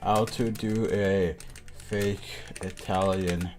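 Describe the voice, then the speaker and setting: A man's voice: low-pitched, fairly even intonation, slow pace, a little mellow. A man streaming live in casual chat, rambling and self-deprecating, laughing often.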